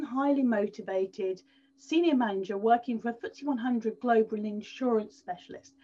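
Speaking to an event audience, a woman tells her story in a high, lively voice and drives points home by repeating words. The audio comes across as somewhat dull and lo-fi.

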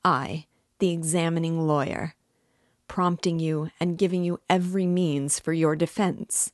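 A crafty, ironical male examining lawyer toys with his suspect in mock-friendly questions, as a woman reads him aloud. The voice sits low and moves slowly. It is recorded dry and close. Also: steady tone, no echo. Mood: sly. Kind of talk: audiobook reading.

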